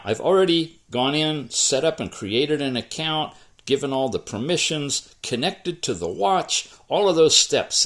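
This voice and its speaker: A man reviewing a smartwatch in a casual, conversational walkthrough, explaining features as he demonstrates them. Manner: casual, conversational, lively pitch. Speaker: tech reviewer. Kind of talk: product walkthrough narration.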